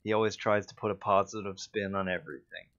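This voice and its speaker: Low-voiced Irish man chatting on a stream. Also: steady tone, quick pace, a bit bright, highs cut off. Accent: Irish, Dublin. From Ireland. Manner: anecdotal, self-mocking, with frequent fillers and restarts. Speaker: voice actor streaming. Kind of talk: casual livestream chat.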